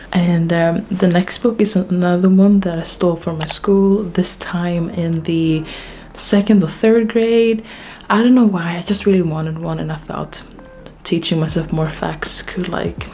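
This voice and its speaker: A Swedish book vlogger gives a casual bookshelf tour, a little out of breath, chatty and self-deprecating with plenty of fillers. Her voice is lowish and warm, with slight background noise.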